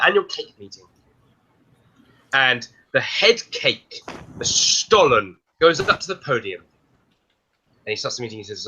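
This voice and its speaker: A man's voice: medium pitch, bright, forceful tone, dull audio. A man co-hosting a casual live watchalong commentary, telling stories in a chatty way. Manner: storytelling, chatty. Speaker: co-host.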